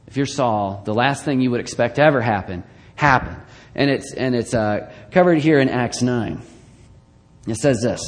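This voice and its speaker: A male pastor giving a conversational sermon with joking asides, swinging between loud bursts and quiet, hushed lines. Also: medium pitch. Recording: long reverb of a large hall.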